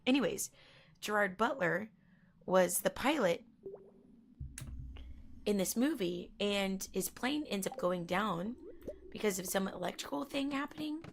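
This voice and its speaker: A woman chatting casually while she plays a video game, rambling through a story and reacting out loud to the game. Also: mid-range voice, expressive, measured pace, gravelly, pauses often, slight background noise. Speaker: gaming streamer. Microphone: headphones on.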